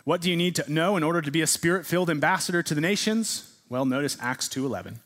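A middle-aged male pastor preaching a sermon, swinging between loud emphatic peaks and quiet, drawn-out lines. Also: lively intonation. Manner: dramatic swings between booming emphasis and hushed delivery; drawn-out, deliberate phrasing on key words.

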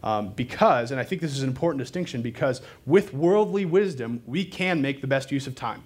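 Guy preaching a sermon, chatty and loose, lots of likes and ums, pokes fun at himself, middle pitch. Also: animated, a little fast, darkish tone. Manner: conversational and loose, with fillers and self-deprecating asides. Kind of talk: sermon to a live congregation.

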